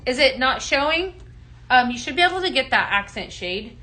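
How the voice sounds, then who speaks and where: A woman hosting a live home-fragrance sales stream, chatting casually, greeting viewers by name and filling pauses with ums. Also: high voice, expressive, pushed and bright, slight background noise. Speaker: live shopping show host.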